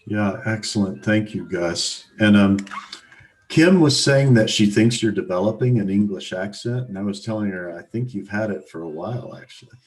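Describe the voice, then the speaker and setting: Male host, lower voice, earnest and encouraging, on a video call. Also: normal speed, rough recording. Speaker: mentoring session host. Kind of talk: casual group video call.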